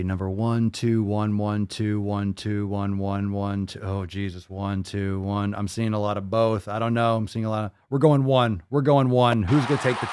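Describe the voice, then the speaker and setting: A man hosting a livestream podcast, talking in a crude, loud and mocking way. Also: on the low side, moderate pace, dry recording, a faint crowd. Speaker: podcast host.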